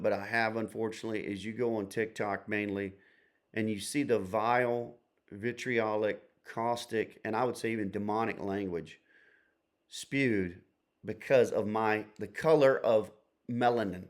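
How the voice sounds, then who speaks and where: A man's voice: fairly low pitch, steady tone, normal speed. A man hosting a solo opinion podcast, talking emphatically in lists and rhetorical questions. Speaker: podcast host. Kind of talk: opinion monologue.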